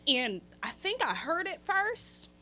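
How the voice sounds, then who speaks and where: A woman's voice: very high voice, slow, slight background noise. A young woman guest on a podcast, telling a funny story in a casual, chatty way and acting out what people said. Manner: animated, acts out quotes with shifting voices; chatty, laughs through her story.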